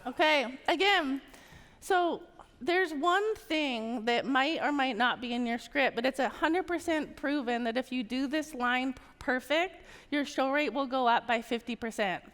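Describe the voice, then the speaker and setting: A woman with a high voice coaches a packed conference crowd on a stage mic, stopping often to check everyone is with her. Her words ring out with a long hall reverb. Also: measured pace, fairly bright tone. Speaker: sales trainer.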